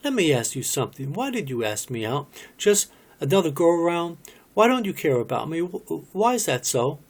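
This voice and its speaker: A man's voice: fairly high pitch, very animated, normal speed. A man voicing a hurt young wife who pleads and questions her husband, in a cold-read drama. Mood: pleading.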